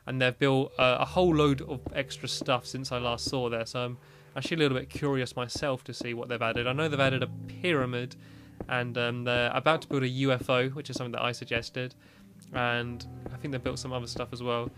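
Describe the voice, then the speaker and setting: A man chats his way through a building game, rambling and dotted with fillers and little laughs. His voice sits in an ordinary middle pitch. Quiet music plays underneath. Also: little pitch movement, brisk. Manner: chatty and rambling, with frequent "like" fillers and small laughs. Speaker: gaming video host. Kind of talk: casual gameplay commentary.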